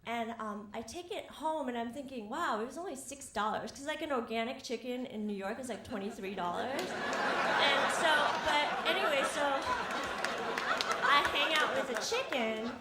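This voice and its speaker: On stage in a theater, with an audience watching, a young woman shares a personal story full of wry self-mockery, frequently breaking into laughter. Her voice is a little high and a bit bright, and the live hall sounds roomy with faint ambience.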